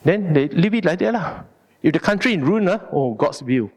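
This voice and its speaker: Malaysian guy giving a dharma talk, pitch jumping all over, kinda high, big echoey hall. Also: normal speed. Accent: Malaysian English. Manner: animated, colloquial, emphatic. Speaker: Dharma speaker. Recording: long hall reverb.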